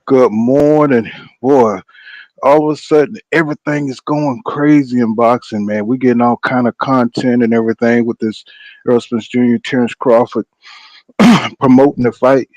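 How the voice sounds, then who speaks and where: With a mid-range, slightly mellow voice and fairly even intonation, the boxing channel host talks at a moderate pace over a dry recording. He gives casual live-stream commentary on boxing, swearing freely and welcoming viewers by name.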